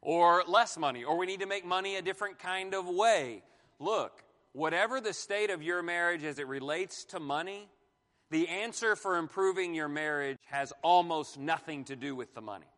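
A man in his forties teaching a Bible class on marriage, animated, asking the room questions and joking. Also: high-pitched, moderate pace, in a large hall. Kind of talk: sermon-style Bible teaching.

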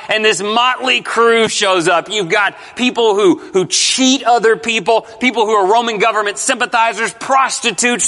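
A man preaching a sermon, dramatic, swinging between loud stresses and quiet drops. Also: sits high. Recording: long reverb of a hall.

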